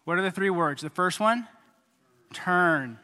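A man preaching a sermon as pastor, animated, acting out voices and making sound effects. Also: high voice, unhurried, clean tone. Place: church hall. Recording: hall reverb.

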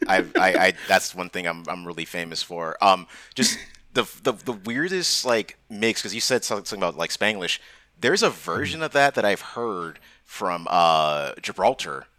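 A man's voice: sits low, lively intonation, normal speed, pushed and bright, dry recording. A man in casual chat, telling rambling, profane stories and laughing at them.

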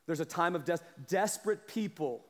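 A man preaching a sermon as pastor, moving from quiet asides to shouted calls. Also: a little high, lively intonation, normal speed. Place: church sanctuary. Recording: long hall reverb. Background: congregation responding.

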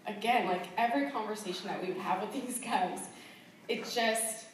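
A woman's voice: mid-range voice, moderate pace, a little hiss or hum. A woman missionary telling her personal testimony in a chatty way, full of fillers and laughs, in a church hall. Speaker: missionary sharing her calling. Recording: very echoey room, far from the mic.

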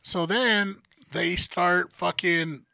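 A high-voiced man with a gravelly, bright edge tells a story in loose, profane podcast chat. He acts out every quote, and his voice sounds close and dry. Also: steady tone, very slow, no echo. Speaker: podcast co-host.

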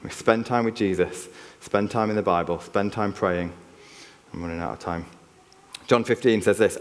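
A man's voice: on the low side, normal speed. A man with a Yorkshire accent preaching a church sermon in an earnest, conversational way, often restarting his sentences. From Yorkshire, England. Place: church hall. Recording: long reverb of a church hall.

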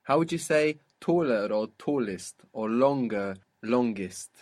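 A man's voice: medium pitch, expressive, a little slow, darkish tone. A man teaching a one-on-one lesson, explaining patiently and repeating words for the learner. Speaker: Arabic teacher.

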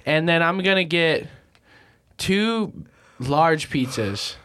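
A man's voice: on the high side, animated, slow pace, a bit bright, smooth. Crude joking young man on a prank call. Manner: crude, joking, laughs often. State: high, intoxicated. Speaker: podcast host. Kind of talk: casual chat, prank calling.

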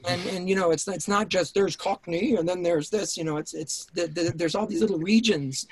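A man's voice: high-pitched, moderate pace, a little hiss or hum. A man guest on an interview podcast, telling stories intensely, swearing and restarting his sentences, speaking over a remote call. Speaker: writer-director guest. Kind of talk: casual interview storytelling.

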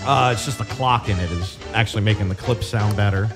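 A man's voice: fairly low pitch, a little fast. A man hosting a radio show, rambling and profane, joking about the new equipment he set up. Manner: rambling, profane, self-mocking. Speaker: radio show host running sound clips. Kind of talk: casual banter. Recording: loud music behind.

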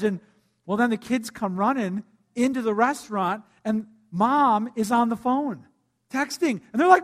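A man preaching a sermon as pastor, telling a story with lively acted-out quotes. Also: extremely high pitch, moderate pace.

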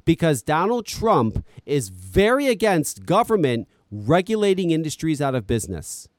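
A man's voice: a little high, big pitch swings, normal speed, dry recording. A man ranting on a podcast, exasperated and profane, talking close to the mic. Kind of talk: heated podcast commentary.

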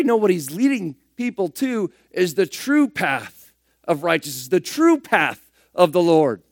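A man preaching a sermon, firing rhetorical questions and swinging between loud emphatic bursts and hushed asides. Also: high voice, dry recording, studio quality.

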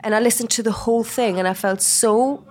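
A woman in her thirties from England with a Geordie accent, a podcast guest talking in a soft, reflective way. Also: on the high side, steady tone, brisk. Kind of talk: casual chat.

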